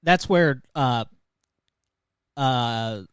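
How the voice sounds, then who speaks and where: A man's voice: medium pitch, extremely slow, fairly bright tone, smooth, no room sound. A man co-hosting a comedy podcast, dropping dry, provocative jokes between short replies. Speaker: podcast co-host. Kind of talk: casual comedy podcast chat.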